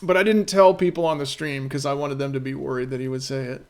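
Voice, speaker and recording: A man's voice: medium pitch, steady tone, quick pace. A man chatting casually on a live stream as a game developer, rambling and full of fillers, who keeps checking in with "right?".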